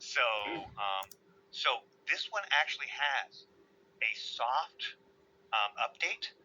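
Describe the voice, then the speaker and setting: A man's voice: medium pitch, very animated, slow, pushed and bright, muffled recording, a little hiss or hum. A man leading a casual work call, rambling and muttering to himself as he works. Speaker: meeting lead.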